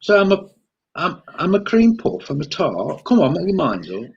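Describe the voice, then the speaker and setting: Lively, husky man, playful banter. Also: on the high side, moderate pace, lo-fi sound. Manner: playful, mock-offended banter. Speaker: co-host. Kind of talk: casual chat.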